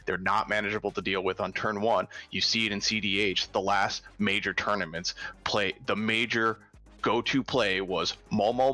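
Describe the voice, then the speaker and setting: Blunt, bright-voiced man on a stream. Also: lowish voice. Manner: blunt, opinionated, brisk. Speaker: guest commentator. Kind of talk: livestream discussion.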